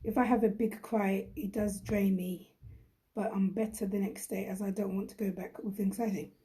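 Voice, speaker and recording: A woman's voice: mid-range voice, steady tone, moderate pace, warm tone. A young woman hosts a live chat with viewers, talking in a chatty, emphatic and encouraging way. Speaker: host.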